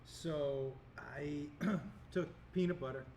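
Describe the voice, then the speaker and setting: A comedian in his forties tells a prank story on a podcast, his voice a little higher than most men's. He builds up each bit and chuckles into the punchlines, over a faint hiss. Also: slow pace, a little mellow. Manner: storyteller who laughs his way through punchlines. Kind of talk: casual chat.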